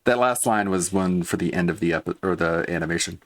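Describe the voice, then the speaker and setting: A man's voice: low voice, fast. A man streaming live, chatting casually and muttering asides to himself. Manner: laid-back, mumbling asides to himself.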